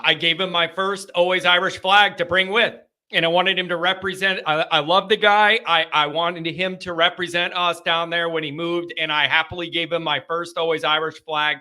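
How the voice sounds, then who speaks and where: High, bright-voiced excitable man hosting. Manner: excitable, emphatic, chatty. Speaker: call-in show host. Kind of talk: casual live call-in chat.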